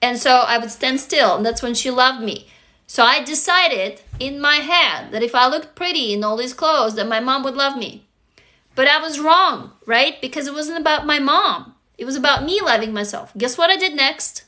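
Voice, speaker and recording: A woman's voice: high-pitched, normal speed, bright, forceful tone. A young woman, not a native English speaker, talking earnestly and confessionally to her livestream viewers, speaking to them directly. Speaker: livestream host. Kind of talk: casual heartfelt livestream talk.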